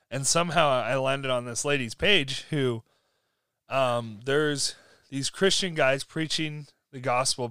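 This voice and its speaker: A man telling stories in casual conversation, animated and laughing often. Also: mid-range voice, smooth, dry recording.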